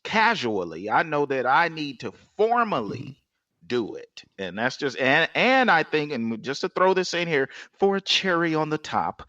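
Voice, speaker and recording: A man co-hosting a podcast, chatting casually and telling animated, joking stories in slangy speech. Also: a little high, measured pace, no echo, highs cut off. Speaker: co-host.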